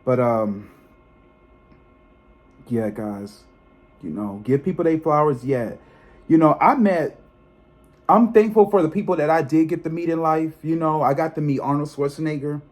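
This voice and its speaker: A man in his thirties talks straight to his viewers in a casual vlog, his voice sitting a little high for a man. He chats easily and calls his audience y'all. When something bothers him, he slides into emphatic, swear-filled rants. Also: moderate pace, long pauses. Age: 30s. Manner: animated, emphatic ranting with frequent profanity; chatty, addresses viewers directly as y'all. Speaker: psychic tarot reader and channel host.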